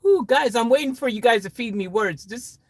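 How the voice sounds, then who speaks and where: A woman's voice: a little high, brisk, husky, dry recording. A woman hosting a livestream, chatting playfully with her viewers and laughing often as she sets up an improvised story. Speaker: livestream host. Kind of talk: casual improv storytelling to a chat.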